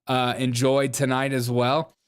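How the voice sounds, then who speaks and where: A man's voice: mid-range voice, monotone, unhurried, clear, resonant tone. A man hosting a comedic commentary livestream, joking, laughing often and reading out the chat. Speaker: livestream host.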